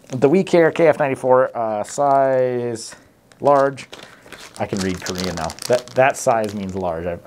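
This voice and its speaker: A man's voice: lowish voice, a little mellow, a little hiss or hum. Rambling man reviewing masks to camera. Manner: rambling, self-correcting, many fillers; reads out test figures plainly. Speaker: mask tester reviewing products. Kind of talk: casual product review to camera.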